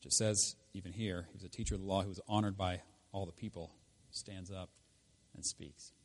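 A man preaching a sermon in a conversational, emphatic way, his voice rising loud and dropping low. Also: steady tone, fairly quick. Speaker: pastor.

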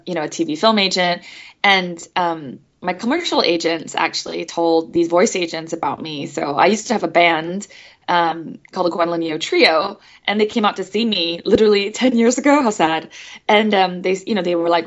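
A woman's voice: lowish voice, normal speed. A woman voice actress from Singapore chats with lots of laughter and energy. She slips in and out of accents as she talks. Her audio sounds a little dull. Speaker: guest voice actress. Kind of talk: casual interview chat.

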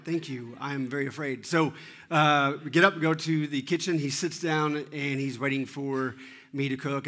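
A man's voice: mid-range voice, a bit bright. A man preaching a sermon as teaching pastor, telling a story about his children with self-deprecating humor and acting out their lines.

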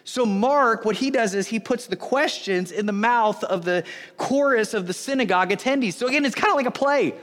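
High-voiced preaching man in a reverberant hall. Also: fairly quick. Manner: animated, acts out voices of onlookers. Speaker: pastor. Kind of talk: sermon.

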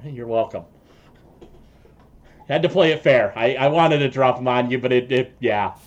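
Man, game master, tabletop game narration, halting, lots of uh and like, middle pitch. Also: muffled recording. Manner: halting, many fillers and restarts.

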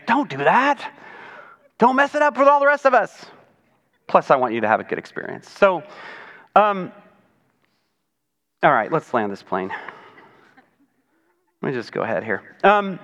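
Animated, bright-voiced male pastor. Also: high voice, normal speed, pauses often. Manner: animated and chatty, often acting out other people's voices. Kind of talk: conversational sermon. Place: church sanctuary.

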